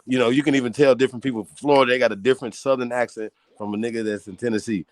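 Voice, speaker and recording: Profane, excitable man hosting a podcast. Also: rapid-fire, no echo. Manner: loud, profane, excitable, cracks high when riled. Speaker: host. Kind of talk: heated casual podcast talk.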